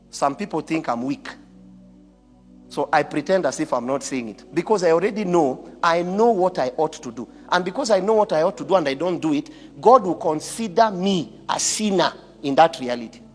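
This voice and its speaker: A man's voice: on the high side, in a large hall. A man with a Kenyan accent, giving impassioned commentary in a preachy manner, firing rhetorical questions and slipping into Swahili phrases.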